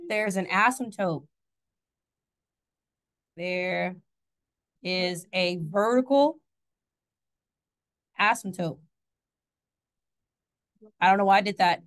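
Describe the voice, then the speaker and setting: A woman teaching a math class in a classroom, chatty, asking the students questions and correcting her own slips. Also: mid-range voice.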